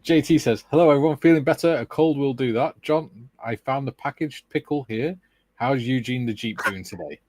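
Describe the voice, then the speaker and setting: A man co-hosting a relaxed hobby session, reading viewer comments aloud in an easygoing way. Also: mid-range voice, moderate pace. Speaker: co-host reading chat. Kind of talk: casual chat while model building.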